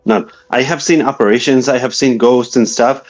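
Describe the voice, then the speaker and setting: A man's voice: medium pitch, fairly even intonation, normal speed. A man telling a guest's ghost story in a casual, hesitant way, often searching for words. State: a little shaky from reliving memories.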